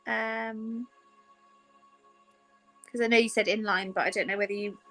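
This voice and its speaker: Chatty british woman selling crystals on a live stream, bit high pitched, teasing her co-host. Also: fairly even intonation, bright, forceful tone, soft background music. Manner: chatty, teasing, slows down to read out items. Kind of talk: casual live-stream sales chat.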